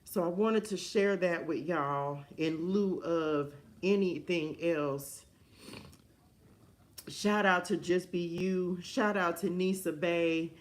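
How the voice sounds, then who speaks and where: A woman's voice: fairly low pitch, slow. A woman hosting a live stream, giving a fervent, emotional motivational message with preacher-like repetition. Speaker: live-stream host and life coach.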